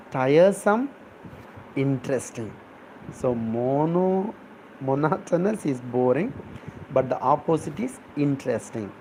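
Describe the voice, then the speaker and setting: A man's voice: fairly high pitch, gravelly, warm tone, slight background noise, rough recording. A middle-aged man, a professor explaining words for an exam, spelling them out letter by letter. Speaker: English professor. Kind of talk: exam-prep vocabulary lesson.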